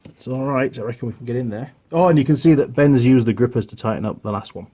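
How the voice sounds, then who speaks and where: A middle-aged man with a husky, slightly rough voice talks through a car job in his home workshop. His delivery is chatty and relaxed, full of asides and self-deprecating jokes, pitched at a middle height for a man. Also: quick pace. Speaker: mechanic host. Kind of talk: casual workshop tutorial.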